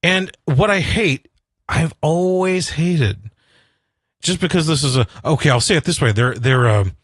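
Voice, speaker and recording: A man's voice: a little high, unhurried, dry recording. A male radio host, talking casually and bluntly on his own show, rambling, swearing and laughing at himself. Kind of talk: casual solo radio rant and chat.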